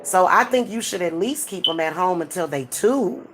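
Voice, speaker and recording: A woman's voice: on the low side, animated, normal speed, noisy background. A middle-aged woman, talking frankly and casually to her viewers, with many restarts and fillers. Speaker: spiritual advisor and channel host.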